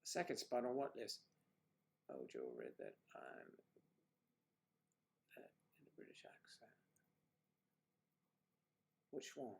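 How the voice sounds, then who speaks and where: A man's voice: fairly low pitch, wildly swooping pitch, slow, vocal fry, pauses often, a little mellow. A man hosting a casual livestream, chatting and teasing viewers with jokey asides. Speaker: livestream host. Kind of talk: casual chat reading viewer comments.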